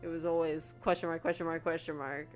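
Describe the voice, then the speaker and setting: A woman streamer giving casual, excitable commentary while playing a game, gushing and often restarting her sentences. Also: low voice, quick pace, faint music behind.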